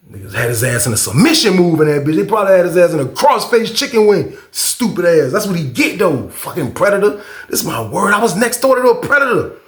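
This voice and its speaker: A man telling a casual storytime tale, animated and profane, often repeating his own catchphrases. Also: fairly high pitch, roomy sound. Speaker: storyteller, channel host.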